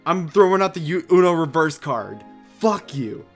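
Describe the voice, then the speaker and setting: Young male co-host, a bit high-pitched, excitable, laughs a lot, faint music under him. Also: normal speed. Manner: excitable storyteller, laughs often, swears. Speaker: podcast co-host. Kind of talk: casual chat.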